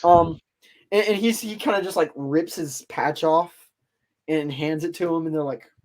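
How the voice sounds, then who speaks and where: A man's voice: fairly high pitch, unhurried. A man hosting a podcast, casually telling a story in a loose, rambling way full of fillers. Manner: rambling, filler-heavy retelling. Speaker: podcast host.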